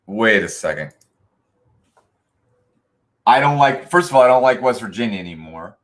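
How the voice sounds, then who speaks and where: A man's voice: on the low side, expressive, normal speed. A man hosting an online trivia night, reading answers and scores and teasing players in the chat with sarcastic banter. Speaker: trivia host.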